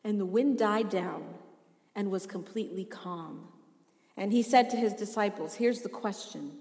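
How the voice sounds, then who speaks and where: A woman's voice: mid-range voice, moderate pace, darkish tone, big-room sound. A woman preaching a sermon, chatty and laughing often, asking the congregation questions as she reads from the Bible.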